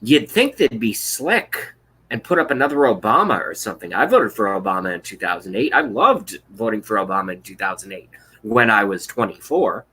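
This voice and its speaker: A man's voice: on the low side, very animated, moderate pace, sharp tone, husky. Blunt, profane man in his thirties ranting. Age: 30s. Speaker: political vlogger. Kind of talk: ranting live stream, reading chat.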